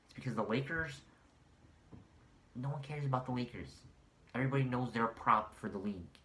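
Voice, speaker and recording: A man giving a profane, exasperated sports rant as the host of a vlog, mocking opposing fans and breaking into shouted outbursts. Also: medium pitch, brisk. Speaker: sports commentator. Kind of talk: ranting vlog monologue.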